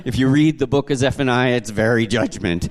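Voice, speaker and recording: A man from Canada preaching to a congregation, telling stories in a conversational, animated way with frequent restarts. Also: mid-range voice, a little fast. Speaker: pastor. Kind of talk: sermon.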